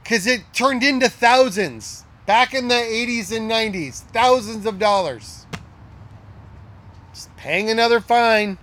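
A middle-aged male pastor delivering a sermon in a notably high voice. He presses his points with emphasis and says key lines twice, sometimes sinking to a near hush. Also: unhurried. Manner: emphatic, repeats key lines, drops to a hush for quoted words.

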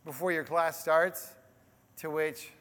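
A man preaching a sermon as a pastor, animated and conversational, with frequent asides to the listeners. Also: fairly high pitch, slow, in a large hall.

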